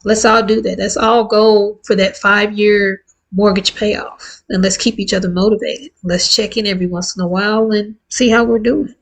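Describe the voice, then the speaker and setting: A woman in her fifties talking candidly and warmly to her viewers in a casual, heartfelt vlog. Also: medium pitch, fairly even intonation, normal speed, low-quality recording. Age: 50s. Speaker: vlogger. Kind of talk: casual chat to camera.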